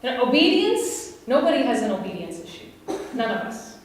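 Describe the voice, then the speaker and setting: A West Virginian woman preaches to her congregation in a chatty, questioning way, with a fairly high voice. She is recorded from a distance in a church sanctuary, and the long reverb of the hall hangs on every phrase. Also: very animated, normal speed, slight background noise. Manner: conversational, laughs and asks the congregation questions. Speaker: pastor. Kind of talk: sermon.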